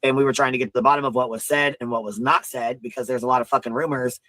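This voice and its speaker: A man's voice: medium pitch, steady tone, racing, bright, forceful tone, dry recording, low-quality recording. A man co-hosting a livestream, talking casually and swearing as he rambles through his points. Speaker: stream co-host. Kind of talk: livestream commentary.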